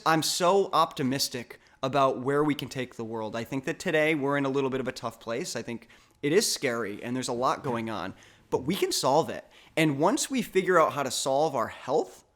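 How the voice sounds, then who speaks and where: Earnest upbeat male podcast host. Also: medium pitch. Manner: earnest and upbeat, speeds up when he gets excited. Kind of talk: casual podcast talk.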